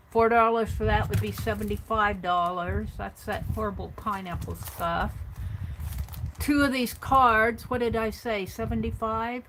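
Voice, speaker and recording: A woman vlogger casually chatting through her craft supply haul and tallying up prices out loud as she thinks. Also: medium pitch, slight background noise, poor audio.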